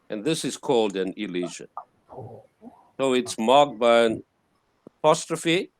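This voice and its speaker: A male teacher lecturing at an unhurried pace, repeating each word several times so students can copy it. His voice sits at an ordinary pitch. The recording is dry and close, with no room sound. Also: no echo. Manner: patient, repeats words slowly to model pronunciation. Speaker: Greek teacher. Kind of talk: classroom lecture.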